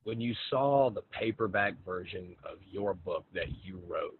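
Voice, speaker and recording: A man with a very low voice hosts a podcast, chatting frankly and easily with a guest. His voice comes through a thin, phone-like line. A faint hiss sits underneath. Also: expressive, a little slow. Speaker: podcast host. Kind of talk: casual conversational interview.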